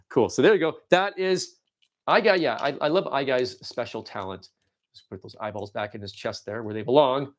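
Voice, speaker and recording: A man hosting a livestream, giving excitable, rambling commentary on toy battles and reading chat, with frequent restarts and cheers. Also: mid-range voice, moderate pace. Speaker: livestream host.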